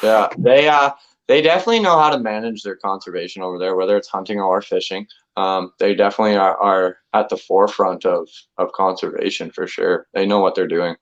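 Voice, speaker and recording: A man co-hosting a casual live show, relaxed and quick to laugh as he chimes in. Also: low-pitched. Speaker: co-host. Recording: dull lo-fi sound.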